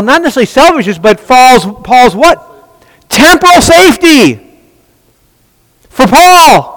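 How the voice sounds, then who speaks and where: Male Bible teacher with a very high, animated voice, fond of rhetorical questions and quick restarts. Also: big-room sound, rough recording. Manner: rhetorical questions, answered at once; frequent restarts and repeated words.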